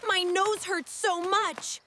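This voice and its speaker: A woman voicing a timid little male fox cub who is scared of the dark, in a slow storybook reading with gasping, whimpering exclamations. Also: extremely high pitch, steady tone, noisy background. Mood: frightened.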